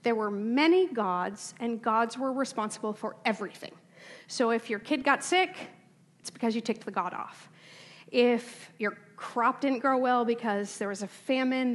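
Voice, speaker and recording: Woman teacher, fairly high voice, animated classroom lecture, long room reverb. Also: slightly rough. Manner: animated, reads text aloud with emphasis, asks class for confirmation. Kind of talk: classroom lecture with dramatic reading.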